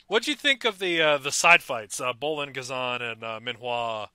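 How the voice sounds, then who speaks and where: A man's voice: medium pitch, normal speed, smooth, no room sound. A young man co-hosting a podcast, chatting casually and enthusiastically about a cartoon episode. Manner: enthusiastic, animated fan talk. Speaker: podcast co-host. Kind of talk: casual chat.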